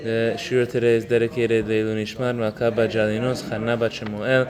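Male teacher for a casual religious class, mid-pitched, storytelling, with listeners audible in the room. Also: level tone, a crowd in the background. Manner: conversational, mixes Hebrew terms, halting fillers. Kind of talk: informal religious lesson with storytelling.

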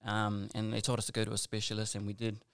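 A man tells a long personal story, his voice sitting a little low. He rambles earnestly, circling back with asides and restarts. The sound is dry and close, with no room around it. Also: completely flat delivery, fast, fairly bright tone, smooth, dry recording. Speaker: guest telling a personal story. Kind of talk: casual conversational storytelling.

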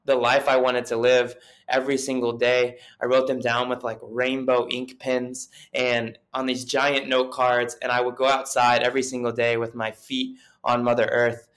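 A man's voice: mid-range voice, monotone, normal speed, hardly any pauses, fairly bright tone. A young adult man telling his story as an interview guest, in an earnest, rambling way full of fillers and restarts. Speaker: guest chiropractor and coach.

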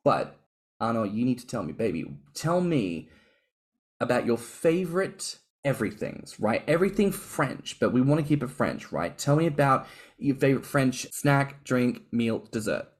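A man's voice: mid-range voice, sing-song, normal speed. A man co-hosting a podcast in a campy, playful, teasing manner. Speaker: podcast co-host. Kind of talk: casual chat.

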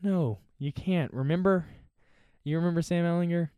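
A man giving casual, opinionated solo commentary on college sports, teasing and animated. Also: a little high, moderate pace, clear, resonant tone, no room sound.

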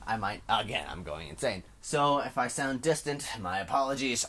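A man's voice: fairly low pitch, expressive, moderate pace, slightly rough. Rambling teen guy, solo podcast at home. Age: teens. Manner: rambling, restless, self-mocking, swings loud and quiet. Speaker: podcast host. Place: at home indoors.

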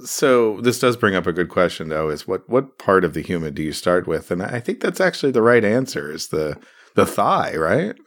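A man's voice: low-pitched, sing-song, normal speed. A man in casual podcast chat, teasing dryly and laughing often.

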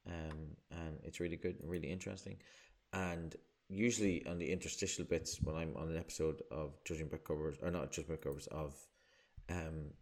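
A man's voice: a bass voice, flat delivery, brisk, a little mellow. A young man co-hosting a book podcast, rambling and self-deprecating, laughing often. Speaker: podcast co-host. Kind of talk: casual chat.

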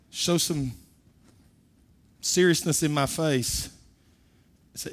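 A middle-aged man preaching a sermon, his voice swelling from soft to loud as he makes his point. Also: fairly high pitch, slow, pauses often. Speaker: pastor.

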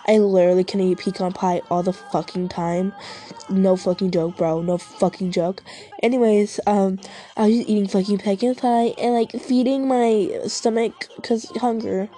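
A woman's voice: medium pitch, warm tone. A young woman rambling casually to herself, swearing a lot, making self-mocking asides, and short of breath.

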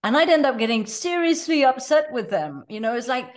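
A woman's voice: sits high, animated, fairly quick, few pauses. A middle-aged woman, a life coach, speaking earnestly and reflectively as a podcast guest, with plenty of fillers and restarts. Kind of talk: casual podcast interview.

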